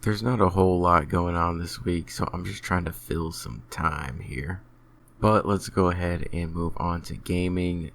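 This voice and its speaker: A man's voice: sits low, steady tone, normal speed, a little hiss or hum. A man hosting a solo podcast, talking through news and opinions in a casual, rambling way. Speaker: podcast host.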